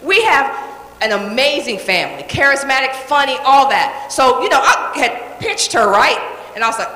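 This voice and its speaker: A woman's voice: sits high, moderate pace. Woman seminar coach on stage, emphatic and chatty, with a long hall reverb. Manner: animated, emphatic, chatty with the audience. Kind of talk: live motivational seminar storytelling.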